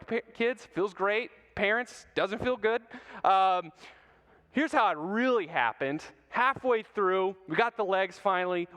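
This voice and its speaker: A youth speaker with a high-pitched, slightly bright, clean voice gives a playful talk to middle schoolers. He tells stories and asks the audience questions, with a long hall reverb on the recording.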